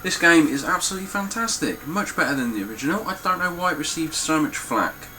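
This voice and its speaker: A man's voice: fairly high pitch, animated, fast, pushed and bright, a little hiss or hum, low-quality recording. A young man talking casually through his game collection, blunt and swearing freely. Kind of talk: casual spoken collection walkthrough.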